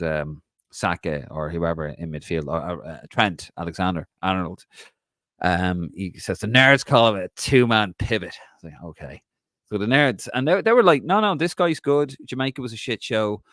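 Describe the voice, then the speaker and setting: Deep-voiced man hosting a chatty live stream. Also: no room sound, studio quality. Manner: chatty, rambling, reads out viewer comments. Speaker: podcast host. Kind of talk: casual solo live stream chat.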